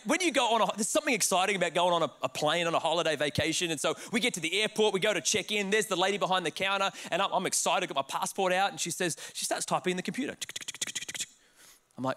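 Man, Australian accent, pastor, high voice, comic sermon storytelling. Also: fast talker, background noise. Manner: animated, comic, self-mocking storyteller.

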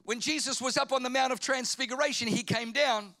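A man preaching a sermon, fervent, repeating phrases and swinging from loud to hushed. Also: extremely high pitch, steady tone, fairly quick. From Australia. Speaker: pastor.

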